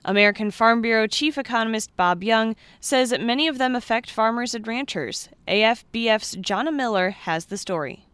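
A woman anchoring a radio farm news program, reading the stories in a steady, measured way. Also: on the high side, clear, resonant tone, no echo. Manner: steady, measured newsreader delivery.

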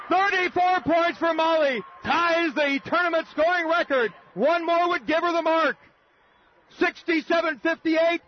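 A man calling a basketball game on radio, shouting and repeating his calls in excitement. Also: extremely high pitch, slow, slight background noise. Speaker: radio play-by-play announcer. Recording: dull old radio broadcast recording.

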